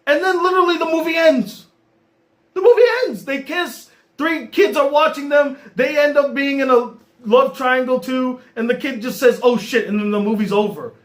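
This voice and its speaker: A man reviewing a movie in an exasperated, animated rant. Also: high-pitched. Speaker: movie critic.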